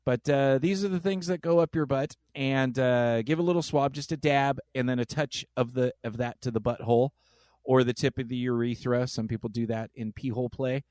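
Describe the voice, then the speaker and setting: A podcast host with a mid-range voice chats casually at a slightly fast pace, animatedly telling stories and acting out voices. The sound is clean studio audio with no room sound.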